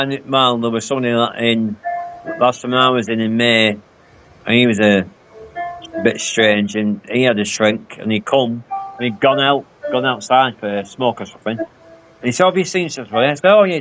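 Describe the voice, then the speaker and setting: A man's voice: mid-range voice, fairly even intonation, moderate pace, fairly bright tone, soft background music. A man, telling rambling stories full of quoted dialogue on a casual live stream. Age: 50s. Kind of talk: casual chat.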